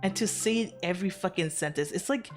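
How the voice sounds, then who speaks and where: A woman streaming and chatting loosely to her chat in a low-pitched voice, piling up fillers and curse words as she rambles. She is from outside America. Soft music plays faintly behind her. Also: fairly quick. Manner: rambling, animated, frequent swearing and fillers. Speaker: VTuber streamer.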